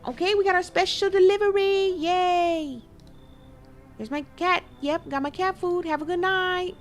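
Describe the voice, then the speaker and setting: A woman giving casual gameplay commentary, animated and chatting straight to her viewers with quick exclamations. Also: very high voice, faint music behind. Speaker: gaming video creator.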